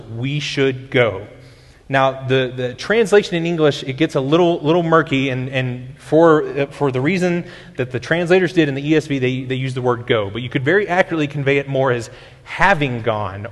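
A male pastor, preaching a sermon in a conversational teaching way, often restarting his sentences. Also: mid-range voice. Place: church sanctuary. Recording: long hall reverb.

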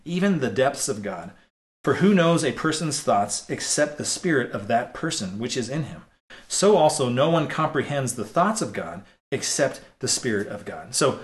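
Brief: male pastor, mid-pitched, earnest and conversational sermon delivery, frequent restarts and repeated words. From United States.

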